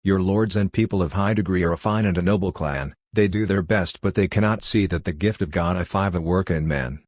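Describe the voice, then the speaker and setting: A man reading as a rough, coarse male poet who recites his ballad in a hard, brassy voice without inflection. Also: low voice, a little fast, darkish tone, dry recording, clean studio sound. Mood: reciting.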